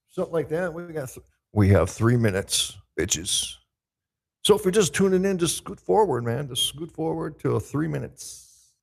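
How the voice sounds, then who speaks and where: Setting up a live show in a large, echoey room, this podcast host chats loosely and profanely to himself and listeners. His voice is a little high and gravelly, with a darkish tone and a breathy edge.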